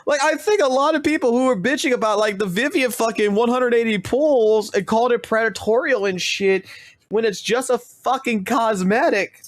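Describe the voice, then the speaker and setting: A man's voice: very high-pitched, normal speed, dry recording, studio quality. A man streaming games, ranting heatedly in casual commentary and swearing constantly. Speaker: gaming streamer.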